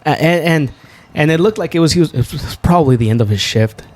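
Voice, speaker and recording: A young man co-hosting a podcast, telling a story in a loose, profane way and jumping up high when he gets excited. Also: fairly quick. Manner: animated, profane, swings to high laughing exclaims. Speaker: podcast co-host. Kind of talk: storytelling in casual chat.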